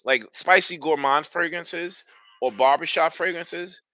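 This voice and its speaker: Man, casual live-stream chat, enthusiastic, slangy, bright tone. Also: fairly high pitch, a little slow, dry recording. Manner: loose, slangy and enthusiastic, talks straight to viewers. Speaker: fragrance reviewer streaming live.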